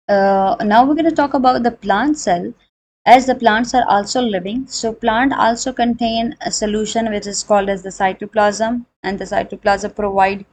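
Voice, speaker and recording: A woman's voice: mid-range voice, darkish tone, rough recording. Woman, biology teacher, explanatory lecture, repeats points. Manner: explanatory, repeats and rephrases points, frequent fillers; switches into Hindi for examples. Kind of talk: recorded classroom lecture.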